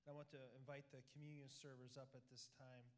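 A man's voice: mid-range voice, little pitch movement, fast. A man leading communion in a church service, speaking earnestly and stumbling a little. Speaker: worship leader introducing communion. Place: church sanctuary.

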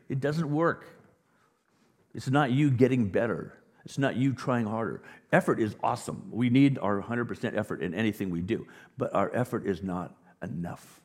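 Guy pastor preaching, kinda husky, gets loud then quiet, big echoey church sound. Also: medium pitch, normal speed. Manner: animated, swings from quiet to loud emphasis. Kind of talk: sermon. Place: church sanctuary. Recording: long reverb of a large hall.

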